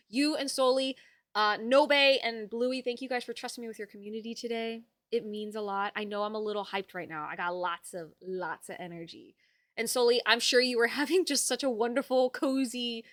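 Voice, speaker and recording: A young woman hosts a livestream in a bright, forceful, medium-pitched voice with no echo. She chats casually with hyped, bubbly energy and reads viewer messages aloud.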